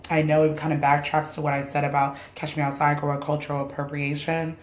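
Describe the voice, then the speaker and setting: A woman whose first language is Spanish vents her opinions to the camera, blunt and unfiltered, with swearing sprinkled throughout. Her voice sits a little low for a woman. The room around her rings with a noticeable echo. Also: little pitch movement, moderate pace. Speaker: vlogger. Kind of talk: casual opinion rant to camera. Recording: roomy echoey room sound.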